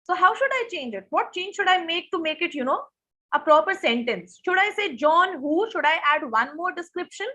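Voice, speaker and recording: Brief: high-pitched young woman, online SAT grammar teacher who quizzes her class. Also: animated, normal speed, bright, forceful tone. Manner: asks students questions, reads answers from chat. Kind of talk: live online grammar lesson.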